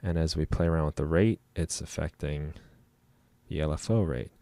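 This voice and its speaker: A man giving a casual music production tutorial at his computer, explaining each knob in a relaxed way with frequent ums, over loud instrument sounds. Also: rumbling low, normal speed, dry recording. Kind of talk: casual screen-recorded software tutorial. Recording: loud instrument demos behind the voice. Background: loud synth and trumpet sounds playing.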